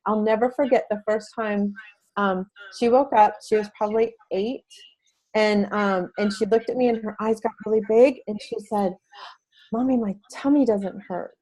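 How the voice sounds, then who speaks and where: A woman's voice: mid-range voice, fairly even intonation, normal speed, mellow, poor audio. A middle-aged woman, a parent advocate, talking earnestly as an interview guest, with frequent restarts. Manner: earnest, talkative with many restarts. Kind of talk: interview talk.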